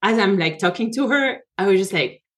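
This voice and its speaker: A woman in her forties, a physician, tells a personal story in conversation, animated, laughing often and correcting herself mid-sentence. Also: medium pitch, a little fast. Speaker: physician guest, rheumatologist.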